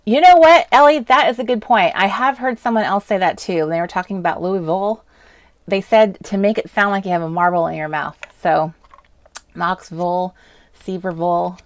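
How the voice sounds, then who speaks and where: A woman's voice: mid-range voice, brisk, no room sound. A woman from the US West Coast hosting a casual crafting live stream, talking in a chatty, rambling way and laughing often. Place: indoors at a home craft desk. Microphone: desk webcam setup.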